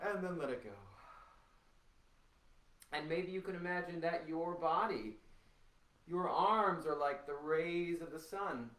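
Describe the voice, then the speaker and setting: A man leading a guided voice warmup as a voice teacher, giving slow, soothing instructions with long pauses, recorded in a room at home. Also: a little high. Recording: roomy sound from a distance.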